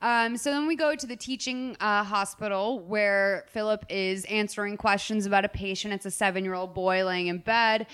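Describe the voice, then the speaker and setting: A woman from Boston hosting a casual podcast chat, animated and swearing, acting out lines from a film she recaps. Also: mid-range voice, normal speed, few pauses, clear, resonant tone. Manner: animated, profane, acts out quotes. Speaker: podcast host.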